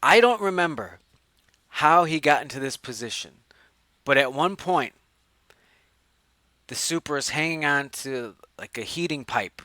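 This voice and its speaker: A man hosting a podcast, reviewing a movie in a rambling, profane, animated way into a studio mic. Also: on the high side, measured pace, long pauses, no room sound. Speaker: podcast host. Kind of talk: casual movie review chat.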